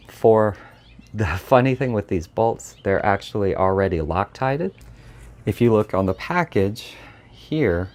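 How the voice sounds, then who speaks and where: A man's voice: low voice, a little mellow. A man doing a casual, enthusiastic drone review, rambling with fillers and restarts as he shows off the parts.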